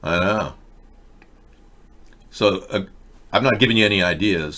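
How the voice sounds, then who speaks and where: A man hosts a live online talk show, commenting casually on whatever is on screen. His voice sits low and fairly monotone, and he rambles along, tossing wry asides to the viewers in the chat. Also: normal speed, pauses often. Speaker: host.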